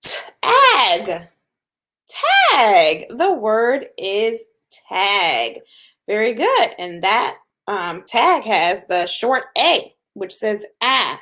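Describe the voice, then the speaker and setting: A woman teaching a phonics lesson to young children, patient and encouraging, sounding out letters slowly. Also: mid-range voice, very animated, a bit bright. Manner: slow, patient, drawn-out sounds with encouraging praise.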